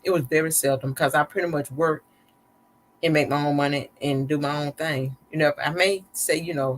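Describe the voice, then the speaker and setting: Speaking low and fairly evenly at a moderate pace, with a little hiss or hum in the audio, this woman shares personal stories directly with her live-stream audience. She's chatty, candid, and slightly sarcastic and slick, sounding unscripted and confiding, with loose, repetitive phrasing and frequent restarts.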